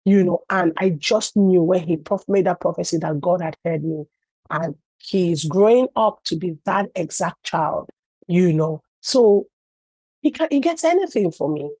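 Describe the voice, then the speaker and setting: Husky woman preaching conversationally. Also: fairly low pitch, lively intonation, unhurried, mellow, no echo, rough recording. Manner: storytelling, many "you know" asides. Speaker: pastor.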